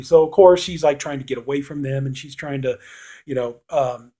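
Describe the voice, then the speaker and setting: Husky man rambling through a movie plot. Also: medium pitch, moderate pace, dark tone. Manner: rambling plot retelling full of "you know". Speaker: horror movie reviewer. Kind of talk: casual spoken movie review.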